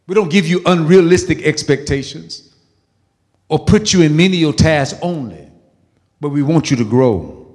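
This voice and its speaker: Man, pastor, high voice, emphatic sermon, reverberant sanctuary. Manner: emphatic, call-and-response preaching with sudden loud peaks.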